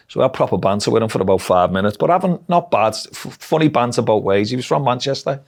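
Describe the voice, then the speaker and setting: Speaking quickly in a lowish voice, a middle-aged Liverpudlian with a thick Scouse accent tells his life story in an interview. He's candid, blunt and dialect-heavy throughout.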